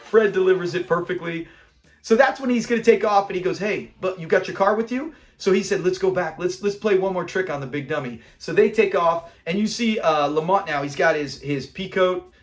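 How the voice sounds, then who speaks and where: A man's voice: high-pitched, a little fast. A man hosting a casual episode review, animatedly retelling scenes and acting out characters' lines. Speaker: host of a sitcom review channel.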